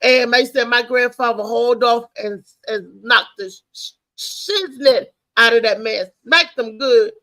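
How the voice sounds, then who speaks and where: A woman hosting a live talk show, who talks loudly and excitably and tells family stories. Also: on the high side, measured pace. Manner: animated, loud and excitable, telling family stories. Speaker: host. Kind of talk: casual live-show monologue.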